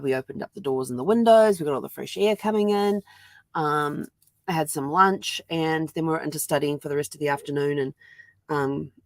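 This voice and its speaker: A vlogger from New Zealand, with a New Zealand accent, chats casually at home with her dog in a rambling daily vlog full of ums. Her voice sits low, and there's no room sound.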